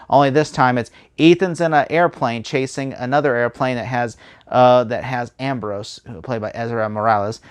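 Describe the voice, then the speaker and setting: A man giving a casual spoken movie review, rambling and animated, full of fillers and restarts. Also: medium pitch.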